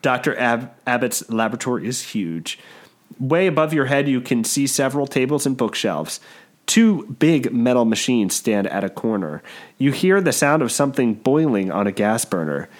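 Lively man reading a story aloud. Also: medium pitch. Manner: laughs often, lively reading. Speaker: podcast host reading a storybook. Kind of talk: comedic read-aloud narration.

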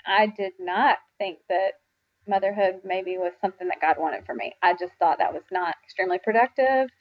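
Earnest woman, podcast guest, mid pitch, slightly lo-fi sound. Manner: earnest, reflective, quick to laugh. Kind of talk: faith podcast conversation.

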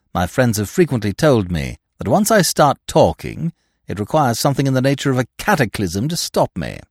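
A talkative young Englishman in a storybook, full of ornate, pompous turns of phrase and dry whimsy, as a male narrator voices him. His pitch rises and falls freely, and the recording is dry and close. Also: darkish tone, dry recording. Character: verbose, urbane young Englishman, drily whimsical.

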